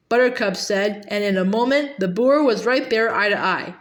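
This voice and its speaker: A woman's voice: mid-range voice, normal speed. A woman reading a novel aloud, often stumbling and repeating words. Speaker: reader.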